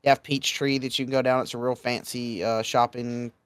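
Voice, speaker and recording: A young adult man from Georgia, hosting a casual podcast chat and speaking bluntly, getting animated when laying down rules. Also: medium pitch, fairly quick, clean tone. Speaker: podcast host.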